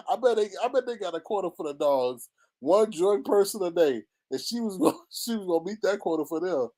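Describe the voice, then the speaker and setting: A high-voiced man chats through gossip at a normal speed during a livestream. He reads out viewers' chat messages, staying animated and dramatic, with frequent laughter.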